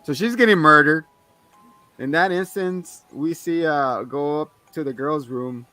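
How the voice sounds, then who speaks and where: Animated man retelling a movie scene. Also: on the high side, measured pace, soft background music. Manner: animated retelling of film scenes, frequent laughs and swearing. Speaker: podcast co-host. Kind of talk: casual movie-review banter.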